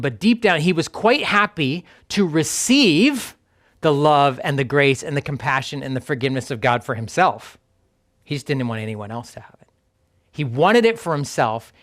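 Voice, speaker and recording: A man's voice: fairly high pitch, lively intonation, normal speed, fairly bright tone. A male pastor preaching a sermon in a conversational, emphatic way, sometimes dropping to a near whisper on key points.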